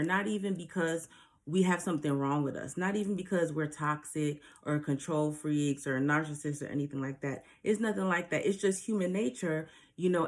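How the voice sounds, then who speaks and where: Woman, slightly low voice, spiritual advice talk, earnest, preachy, direct address to viewers. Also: a little mellow. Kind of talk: casual spiritual advice monologue.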